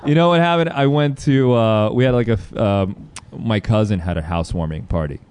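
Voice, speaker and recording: A man's voice: lowish voice, normal speed, darkish tone, smooth. A man hosting a casual comedy podcast chat, rambling between topics and laughing often. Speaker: podcast host.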